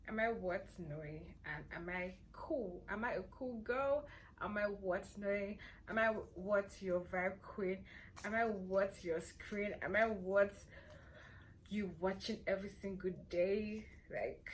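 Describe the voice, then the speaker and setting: A young woman with a Nigerian accent chatting playfully to camera as a vlogger, hoarse from a cold and sore throat. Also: lowish voice, a little hiss or hum. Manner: chatty, playful and self-assured. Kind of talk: casual chat to camera.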